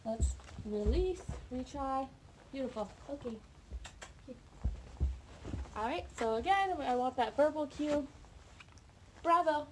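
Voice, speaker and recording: This dog trainer speaks slowly in a high, somewhat dark voice with lively intonation, pausing often as she walks viewers through a live session with her off-camera puppy in an upbeat coaching style. Her camera mic sits off camera, and noticeable background noise and training clicks come through.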